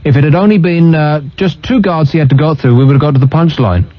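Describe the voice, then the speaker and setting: A man's voice: on the high side, fast talker, no room sound. A man hosting a radio phone-in, dry and teasing with callers. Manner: dry, teasing, mock-sorrowful. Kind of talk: late-night talk radio phone-in. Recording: muffled radio broadcast audio.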